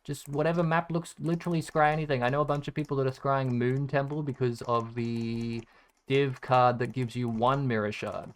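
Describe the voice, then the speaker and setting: A man's voice: medium pitch, level tone, moderate pace. Rambling, swearing man in game commentary. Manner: rambling, profane, sarcastically self-deprecating. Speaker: gaming content creator. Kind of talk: casual gameplay commentary.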